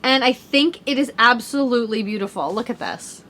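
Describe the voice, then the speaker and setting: A woman's voice: a little high, expressive, normal speed, fairly bright tone, a little hiss or hum. A woman in her thirties hosting a podcast, talking in a bubbly, chatty way and saying "like" a lot. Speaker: podcast host. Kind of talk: casual chat.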